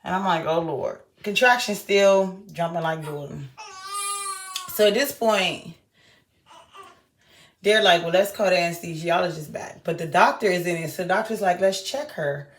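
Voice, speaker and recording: A young woman vlogging, telling a story in a lively way and acting out everyone's lines. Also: on the low side, normal speed. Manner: animated retelling, acting out quoted voices. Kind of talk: casual storytelling vlog.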